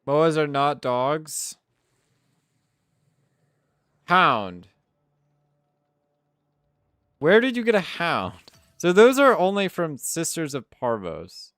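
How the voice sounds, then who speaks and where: Male streamer, casual and profane, easily sidetracked, animated delivery, clean resonant voice. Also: fairly high pitch, takes it slowly, long pauses, clean tone, no echo, clean studio sound. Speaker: live streamer answering chat. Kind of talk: casual live-stream chat.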